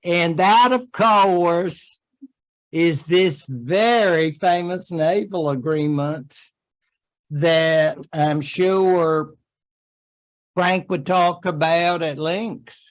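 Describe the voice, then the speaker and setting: A man lecturing on history to his class, speaking slowly and taking his time. His voice sits a little high, and he keeps things chatty, dropping in jokey asides and quick made-up quotes.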